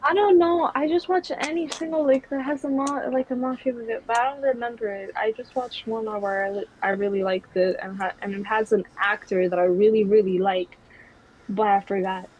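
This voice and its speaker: A woman's voice: a little high, steady tone, a little fast, a little mellow, highs cut off, a little hiss or hum. A young woman from New York, a guest in a casual chat, rambling with lots of fillers and restarts. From New York City. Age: young adult.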